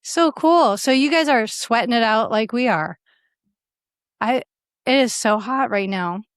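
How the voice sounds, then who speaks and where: A middle-aged woman comedian, a guest on a call-in chat, telling stories in an animated way and laughing often. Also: on the high side, a little slow, smooth, no echo, clean studio sound. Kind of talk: casual podcast chat.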